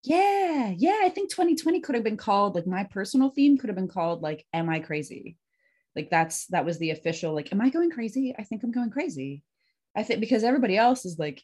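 A woman's voice: lowish voice, fairly quick. A woman coach talking casually and animatedly to a virtual group, then reading a poem aloud. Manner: animated, chatty, frequent "like".

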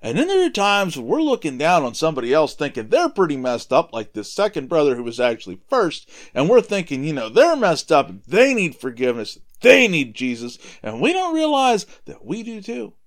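A man's voice: fairly high pitch, wildly swooping pitch, a little fast, few pauses. A man hosting a podcast, retelling a Bible story in a casual, conversational way with asides.

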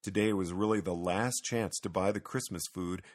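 A man reading a children's Christmas story aloud with lively, expressive storytelling. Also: deep voice, normal speed. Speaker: narrator.

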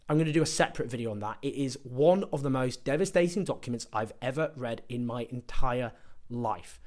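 A man giving an impassioned political commentary, sarcastic and emphatic as he builds his points. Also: mid-range voice.

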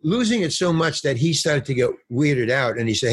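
A man's voice: mid-range voice, brisk, few pauses, breathy edge. An older man, a guest actor, telling a casual anecdote and acting out other people's lines, with some swearing and slang. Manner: animated storyteller, acts out other people's lines.

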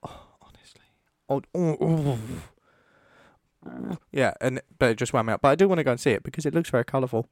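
A man's voice: medium pitch, very fast, hardly any pauses, no room sound, clean studio sound. A man co-hosting a podcast, telling stories in casual, joking chat. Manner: chatty storyteller, quips. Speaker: podcast co-host.

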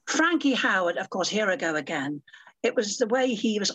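An older woman telling lively anecdotes as an interview guest, theatrical and calling people dear and my love. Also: mid-range voice, unhurried, breathy edge.

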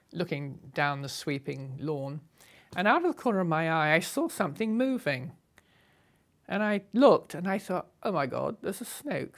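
Animated older British woman reminiscing. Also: sits low. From Britain. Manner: lively, humorous reminiscing. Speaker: storyteller. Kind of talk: recounting a memoir.

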